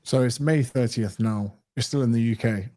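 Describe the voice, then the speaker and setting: A man hosts a podcast interview and asks direct, conversational questions. His voice has a dark, mellow tone. He speaks at a middle pitch. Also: moderate pace. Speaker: podcast host.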